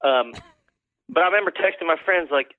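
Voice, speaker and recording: A man's voice: a little high, lively intonation, a little fast, no echo. A man, a country musician guest, telling rambling, profane stories in a casual interview. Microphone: phone call. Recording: tinny phone line, dry.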